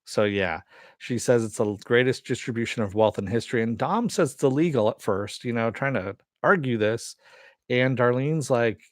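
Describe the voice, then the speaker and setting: A man's voice: mid-range voice, normal speed, no room sound, clean studio sound. A man casually recapping a TV episode, rambling along with lots of fillers. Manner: rambling, many "you know" and "uh" fillers. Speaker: TV episode reviewer.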